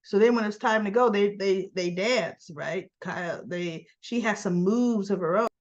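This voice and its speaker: A woman's voice: mid-range voice, moderate pace, highs cut off. A woman host recapping a soap opera in a chatty, opinionated storytelling manner. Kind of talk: casual recap narration.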